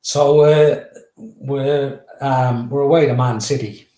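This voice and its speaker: Guy in his fifties telling footy stories, gets loud and excited, roomy echo. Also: mid-range voice, takes it slowly, a little hiss or hum. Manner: animated, builds up to raised excited retellings. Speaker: guest, former footballer. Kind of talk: anecdotal storytelling.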